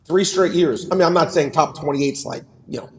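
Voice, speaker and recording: A man's voice: on the high side, fairly quick. A man chatting about sports on the radio, rattling off numbers with a nostalgic tone. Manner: stat-heavy, nostalgic. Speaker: regular sports contributor. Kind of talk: casual sports chat on a call-in line.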